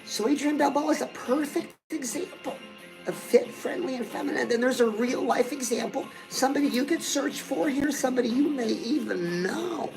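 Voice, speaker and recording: A woman's voice: high-pitched, moderate pace, creaky, over music, low-quality recording. A middle-aged woman hosting a comedic fitness and lifestyle show, gushing and chatty, forever calling the viewer girl. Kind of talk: comedic character monologue.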